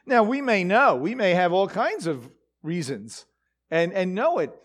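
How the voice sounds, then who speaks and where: Animated high-voiced male preacher. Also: unhurried. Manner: animated, talks to the audience with frequent fillers and rhetorical questions. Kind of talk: conversational sermon.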